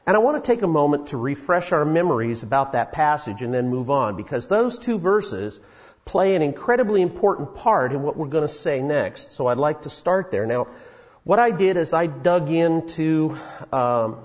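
Male preacher, fifties, folksy and animated, dull lo-fi sound. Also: on the high side, moderate pace. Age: 50s. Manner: folksy storytelling with many fillers. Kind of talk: sermon. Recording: dull sound in an echoey hall.

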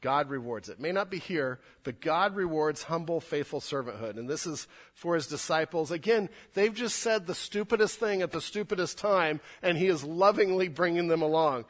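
A man's voice: on the high side, animated, moderate pace, few pauses. A male pastor giving a sermon in a church, earnest and conversational, often repeating words for emphasis. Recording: long hall reverb.

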